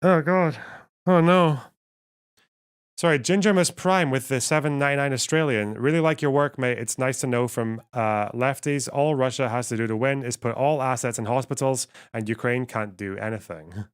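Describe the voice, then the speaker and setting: A man's voice: medium pitch, fairly quick, smooth. A man streaming live, reacting to a clip with frequent laughter, reading out chat messages and passages from a text. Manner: laughs often, reads chat and academic text aloud. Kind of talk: casual live-stream commentary.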